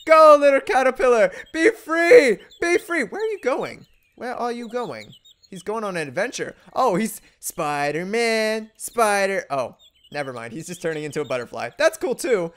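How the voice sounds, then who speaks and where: A young man hosting a let's play, reacting animatedly and goofily, often laughing as he clicks through a game. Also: sits high. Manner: animated and goofy, often laughing and doing silly voices for characters. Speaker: gaming video host.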